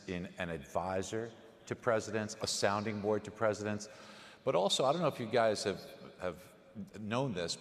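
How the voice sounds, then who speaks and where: A man hosting a live interview, praising his guest in a halting, admiring way with fillers. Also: fairly low pitch. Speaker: host. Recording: reverberant hall with faint crowd.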